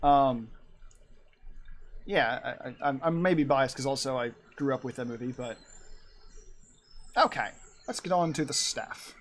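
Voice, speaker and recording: A man's voice: medium pitch, a little slow, long pauses, slight background noise. A man streaming from his room at home, chatting casually and rambling while he draws and answers his chat. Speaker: art streamer.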